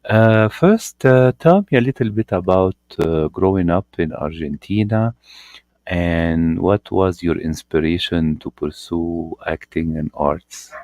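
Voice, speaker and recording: A man's voice: sits low, measured pace, darkish tone, no echo, clean studio sound. A man hosting a live interview in a polite, formal and slightly hesitant manner. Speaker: interview host.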